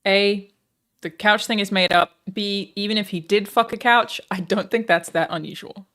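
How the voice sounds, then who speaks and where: A woman streamer chatting live with her viewers in a sarcastic, deadpan, profane way. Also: mid-range voice, moderate pace.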